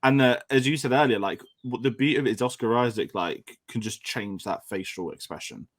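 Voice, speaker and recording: A man's voice: mid-range voice, brisk. Rambling English man chatting about film. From England. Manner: rambling, with frequent restarts and fillers. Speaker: film discussion host. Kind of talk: casual film chat.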